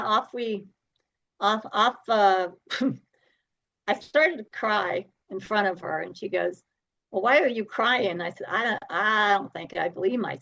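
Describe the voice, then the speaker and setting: Middle-aged woman guest, storyteller who acts out dialogue, mid pitch, muffled recording. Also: gravelly. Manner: animated, acts out dialogue, laughs often. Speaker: podcast guest. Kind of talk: storytelling interview.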